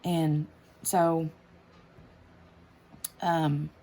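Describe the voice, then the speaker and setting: A woman's voice: low voice, level tone, extremely slow, dark tone, slight background noise. A woman, chatting casually on her craft channel while she works, rambling with lots of fillers and restarts. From United States.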